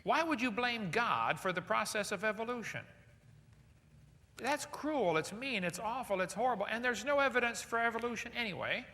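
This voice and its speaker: In an echoey hall with long reverb, a seminar speaker lectures live to an audience, peppering his talk with rhetorical questions and jokey asides. His sharp-toned voice sits high, and he sounds animated at a moderate pace.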